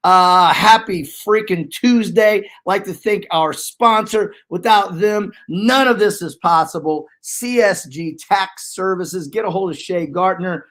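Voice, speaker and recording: High-voiced joking podcast host. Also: male voice, unhurried, few pauses. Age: 40s. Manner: loose, joking, energetic hype. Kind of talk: casual chat.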